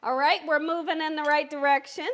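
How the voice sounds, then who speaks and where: Chatty high-voiced woman cooking live. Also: fairly even intonation, a little fast, a bit bright. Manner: chatty, encouraging, talks to live viewers. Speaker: cooking channel host. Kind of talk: live cooking stream chat. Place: home kitchen.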